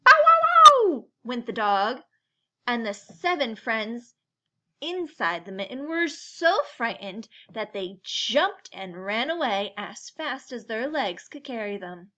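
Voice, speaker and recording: A woman reading a children's picture book aloud in a slow, gentle storytelling manner. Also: fairly high pitch, expressive, lo-fi sound.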